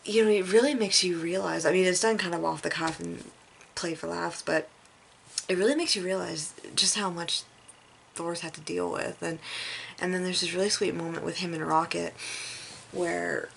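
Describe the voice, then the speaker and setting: A woman's voice: fairly low pitch, steady tone, normal speed, vocal fry, slight background noise. A woman giving a casual movie review, retelling scenes in a rambling, chatty way full of fillers and laughter.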